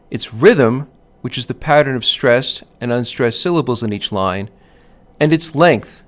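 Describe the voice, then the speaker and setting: A man narrating a scripted literature lesson in a clear, measured way, sounding out stress patterns as he goes. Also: medium pitch. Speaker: teacher.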